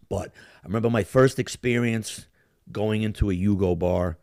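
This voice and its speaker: Profane, animated male storyteller. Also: lowish voice, unhurried, gravelly. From Yugoslav family roots. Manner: profane, animated storyteller acting out bar scenes. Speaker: podcast host. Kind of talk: casual storytelling chat.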